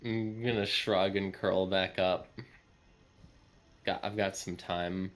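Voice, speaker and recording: Male player, low voice, amused, casual role-play. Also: fairly even intonation, slow. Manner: amused, describes his character's actions.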